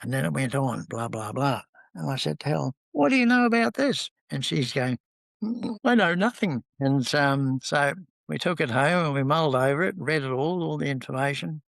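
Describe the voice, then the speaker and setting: A man's voice: mid-range voice, creaky, dry recording. A man, telling rambling stories as an interview guest, with lots of ums. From New Zealand. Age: 70s. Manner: rambling, anecdotal, with many ums. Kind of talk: relaxed storytelling in conversation.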